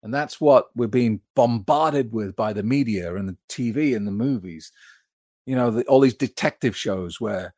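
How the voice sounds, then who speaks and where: A man's voice: mid-range voice, moderate pace, darkish tone, dry recording, clean studio sound. A man hosting a live sobriety support stream, reading out viewer comments and answering them in a chatty way.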